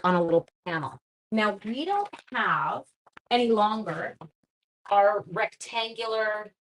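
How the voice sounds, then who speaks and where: A woman's voice: medium pitch, a bit bright, a little hiss or hum. Giggly, chatty woman live-streaming crafts. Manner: chatty and giggly, laughing at herself. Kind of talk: casual live stamping demonstration. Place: at home.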